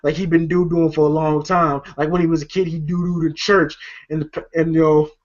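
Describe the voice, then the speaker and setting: A man's voice: a little high, little pitch movement, brisk. Brief: man rambling through a movie recap, swearing a lot, lo-fi sound. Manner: rambling, profane, lots of fillers. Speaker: movie reviewer. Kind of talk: casual movie review vlog. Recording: dull lo-fi recording.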